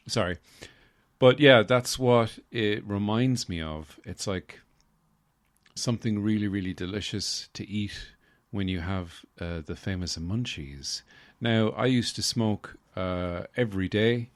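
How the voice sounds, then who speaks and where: A man hosting a casual solo podcast, rambling with deadpan humor and lots of fillers into a close mic. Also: fairly low pitch, unhurried, dry recording. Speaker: podcast host.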